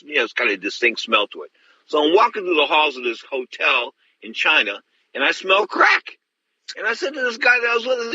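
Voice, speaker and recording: A man's voice: medium pitch, bright, forceful tone, husky, no room sound, highs cut off. A middle-aged man hosting a show, telling stories bluntly and rambling with many restarts. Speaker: host. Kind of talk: casual storytelling.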